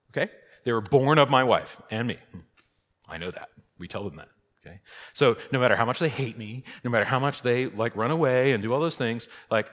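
Middle-aged male pastor, low voice, chatty teaching style, big reverberant church hall. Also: a bit bright. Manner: conversational, frequent "okay?" and "right?" check-ins. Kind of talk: catechesis teaching. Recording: long reverb of a large hall.

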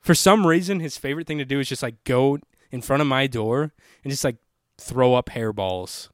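A man's voice: medium pitch, normal speed, dry recording, clean studio sound. Loose, rambling young-sounding man chatting. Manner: loose, swears a lot, rambling with many "like"s. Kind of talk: casual chat.

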